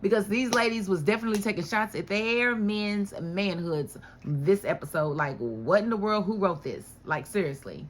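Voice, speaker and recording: Woman reviewer, casual recap vlog, animated and talkative, mid-pitched voice, fires off rhetorical questions. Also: moderate pace, few pauses, slight background noise. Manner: animated, chatty, rhetorical questions, laughs often. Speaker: TV show reviewer. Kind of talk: casual episode recap and commentary.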